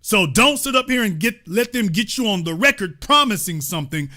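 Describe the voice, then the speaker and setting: A man's voice: high-pitched, animated, brisk, sharp tone. A man hosting political commentary, talking in a sarcastic, indignant, heated way. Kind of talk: opinion commentary.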